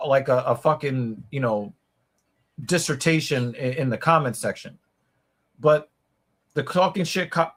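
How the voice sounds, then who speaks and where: Podcast host guy rambling on, swears a lot, keeps restarting, voice a bit on the high side. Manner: rambling, profane, frequent restarts. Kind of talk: casual livestream chat.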